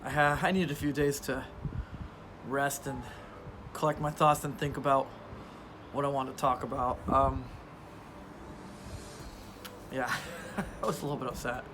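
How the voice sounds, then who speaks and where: A man vlogging into his phone, hoarse from losing his voice and laughing often as he rambles on, frustrated. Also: medium pitch, flat delivery, takes it slowly, long pauses, fairly bright tone, slight background noise. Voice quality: weak voice. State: hoarse, lost voice. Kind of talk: casual vlog talk to phone camera. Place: outdoors in the rain, then indoors. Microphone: phone held at arm's length.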